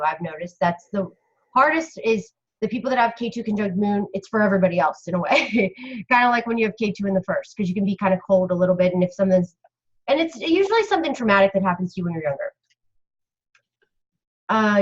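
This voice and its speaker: A woman's voice: medium pitch, highs cut off. Blunt chatty woman giving readings. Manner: blunt, chatty, swears casually. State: cold, shivering. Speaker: astrology reader. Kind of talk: casual live-stream reading.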